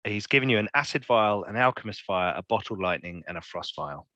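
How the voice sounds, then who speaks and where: A man's voice: fairly low pitch, lively intonation, brisk, sharp tone, no echo, muffled recording. A man narrating as game master in a tabletop game, playful and rambling with fillers.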